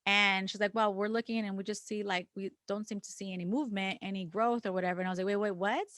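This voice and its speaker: On a casual podcast, a woman co-host with a medium-pitched, fairly bright voice and fairly even intonation talks fast through an emotional personal story. She uses candid language, swears casually, and acts out quoted back-and-forth with others, in clean studio sound without echo.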